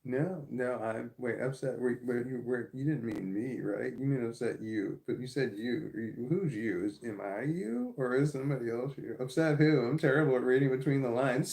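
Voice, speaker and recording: A man's voice: mid-range voice, moderate pace, creaky, few pauses, a little mellow. Man streaming live, stammers, repeats and restarts words, blunt and earnest, casual swearing, mid-range voice. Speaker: livestreamer reading viewer comments. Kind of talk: candid live-stream chat.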